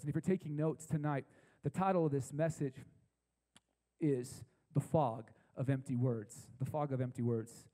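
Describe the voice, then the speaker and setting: A pastor delivers a sermon to a live congregation in a church, his voice a touch higher than most men's and mellow in tone. He talks in a relaxed, conversational way and slows down to repeat key phrases for emphasis. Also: in a large hall, low-quality recording. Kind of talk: sermon to a young adult congregation. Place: church service with a live audience.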